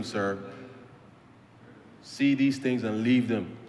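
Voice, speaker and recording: A man's voice: medium pitch, normal speed, slight background noise. A man with a Barbadian accent speaks in parliament, driving his points home by repeating lines and tagging nearly every phrase with "sir." His mid-range voice rings through a roomy chamber with a long, trailing reverb. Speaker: member of parliament. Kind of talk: parliamentary speech. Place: legislative chamber.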